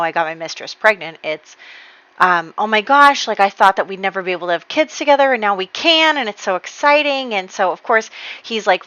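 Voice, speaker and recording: A woman's voice: medium pitch, sharp tone, no room sound. A young woman casually narrating her life-simulation game, chatty and giggly with lots of fillers. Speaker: gaming channel host. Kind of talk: casual let's-play narration. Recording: slightly dull lo-fi dry voice.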